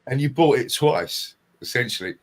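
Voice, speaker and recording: A man's voice: medium pitch, lively intonation, normal speed. A man co-hosting a podcast, interjecting with short, curious questions. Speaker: podcast co-host. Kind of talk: casual interview chat.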